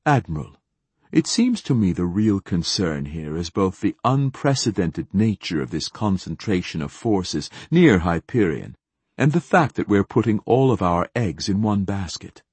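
A shrewd, older female head of government, voiced by a man in a low, husky register. She speaks in a calm, measured way with homely phrases. The recording is dry and close. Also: no echo, full character voice. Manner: measured, folksy turns of phrase.

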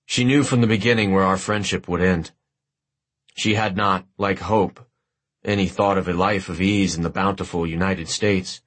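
A man reading a war memoir aloud as an audiobook narrator, in a measured, literary and wry way. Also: low voice, fairly even intonation, a bit bright.

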